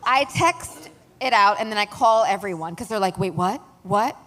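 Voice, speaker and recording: A woman's voice: medium pitch, moderate pace. A young woman author on a festival panel, telling a story with laughter and acted-out voices. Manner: lively, laughing, acts out voices of friends. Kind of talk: animated storytelling. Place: large music hall stage. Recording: long hall reverb, faint ambience.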